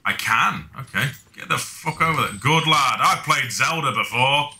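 A man's voice: medium pitch, lively intonation, moderate pace, pushed and bright. A man casually talking to himself while playing a video game, joking and swearing freely. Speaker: gaming video host. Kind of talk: let's play commentary.

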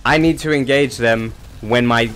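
Profane gamer, loud then muttering. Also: male voice, moderate pace. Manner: profane, self-mocking, swings from loud outbursts to low mumbling. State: just woken up, sore throat. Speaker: gamer streamer. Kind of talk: casual gameplay commentary.

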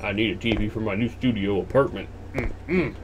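A man's voice: on the low side, normal speed, background noise. A young man hosting a horror game playthrough, joking and rambling animatedly. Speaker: let's play host.

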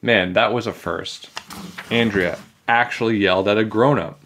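A man reading a children's chapter book aloud in a playful, animated way. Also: lowish voice, normal speed, slight background noise. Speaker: storybook reader.

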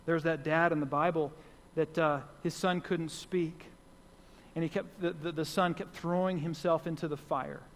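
A man's voice: fairly high pitch, steady tone, moderate pace, slight background noise. Earnest man preaching in reverberant hall. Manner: earnest, repeats phrases for emphasis. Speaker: pastor. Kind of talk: sermon. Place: church sanctuary.

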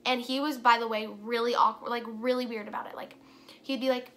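A woman's voice: on the high side, moderate pace, a bit bright, slight background noise. A teenage girl telling a story to her camera, chatty and full of fillers, acting out what others said. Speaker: vlogger. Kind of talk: casual storytime.

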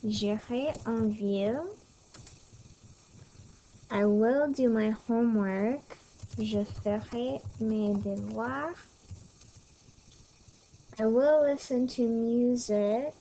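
Slow-paced woman teaching French. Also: a little high, dark tone, dull audio. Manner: casual, chatty, apologetic asides. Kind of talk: recorded lesson over slides. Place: home. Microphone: tablet mic. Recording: scratchy audio.

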